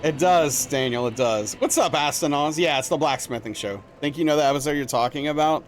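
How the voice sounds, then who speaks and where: A young man streaming a game live, telling a rambling story in a casual, animated way with lots of filler words. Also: a little high, brisk, slight background noise. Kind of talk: casual chat while playing a game live.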